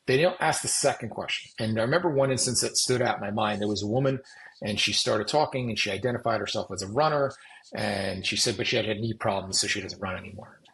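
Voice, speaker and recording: A man's voice: fairly low pitch, gravelly, a bit bright, rough recording. Middle-aged man acting out coaching talks. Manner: acts out coach-client dialogues in quick back-and-forth. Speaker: fitness coach, podcast guest. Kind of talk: podcast interview.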